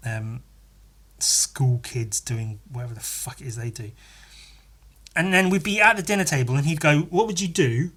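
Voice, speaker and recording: A man's voice: a little high, bright, forceful tone. A man hosting a podcast in a casual, profane, rambling rant, exasperated and often laughing. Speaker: podcast host. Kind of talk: casual ranting monologue.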